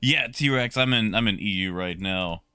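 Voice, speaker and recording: A young man casually chatting with his stream viewers, relaxed and talkative, greeting people by name. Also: fairly low pitch, moderate pace, clear, resonant tone, no room sound, studio quality, faint music behind. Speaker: livestreamer.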